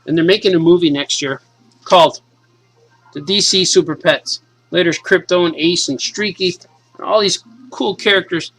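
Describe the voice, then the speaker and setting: A man in his forties, a cartoonist, casually and excitedly reading his comic aloud to kids. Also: high-pitched, moderate pace, faint music behind, rough recording. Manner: enthusiastic, casual, says "man" a lot.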